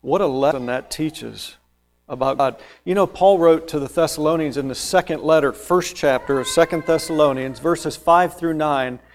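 A man preaching a sermon, explaining scripture verse by verse and swinging between loud emphatic phrases and quieter asides. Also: normal speed. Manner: emphatic, rising to loud stressed phrases then dropping low.

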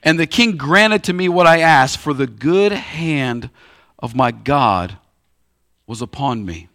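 A man's voice: mid-range voice, lively intonation, takes it slowly, sharp tone. A man preaching a sermon as a pastor, emphatic and acting out the dialogue of the passage in plain speech. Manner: emphatic, acts out the biblical dialogue.

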